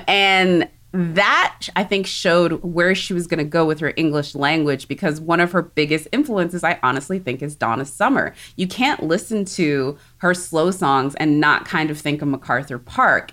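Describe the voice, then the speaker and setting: Low-voiced woman from South Texas. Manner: animated, enthusiastic, quick asides. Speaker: podcast co-host. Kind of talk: casual chat.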